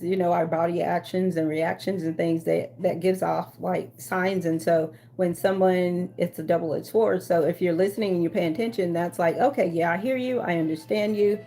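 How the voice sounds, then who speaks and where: Mellow low-voiced woman hosting a livestream. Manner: reads viewer comments aloud and chats back; rambling with frequent fillers and restarts. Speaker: livestream host. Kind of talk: casual livestream chat.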